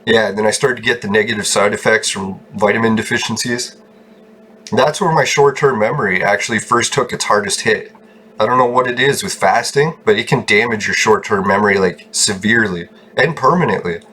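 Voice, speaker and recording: A man's voice: lowish voice, fairly quick, pushed and bright, slight background noise. A man streaming a game from his room at home, ranting angrily and swearing constantly as he rambles on. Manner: angry, heavy swearing, rambling. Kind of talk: ranting casual stream talk.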